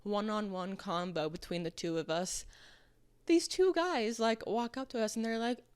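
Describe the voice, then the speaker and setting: A woman's voice: mid-range voice, normal speed, a little mellow, smooth, no room sound. A young adult woman hosting a podcast, telling candid stories in a chatty way and acting out what people said. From Arizona, US. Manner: chatty and candid, heavy "like" filler, acts out quoted people. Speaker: podcast host. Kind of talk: casual solo podcast monologue.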